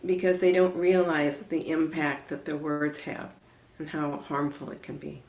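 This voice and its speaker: A woman guest on a podcast, a spiritual counselor, answering questions in a measured, explanatory way. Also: deep voice, level tone, darkish tone. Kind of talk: conversational interview. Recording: roomy echo.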